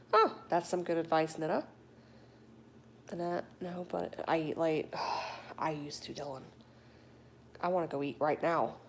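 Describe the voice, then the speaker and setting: A woman's voice: sits low, a little hiss or hum. Chatty middle-aged woman live-streaming on her phone. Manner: chatty and animated, with whispered asides. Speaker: livestreamer reading viewer chat. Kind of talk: casual live chat. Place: home in a warm state.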